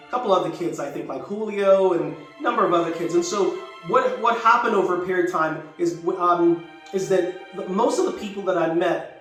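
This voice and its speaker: A man's voice: high voice, a bit bright. An older man from Jamaica tells a personal story in a casual, reflective way, often restarting his sentences. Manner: reflective, rambling with frequent restarts. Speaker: YouTuber. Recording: very echoey room, distant mic, faint music.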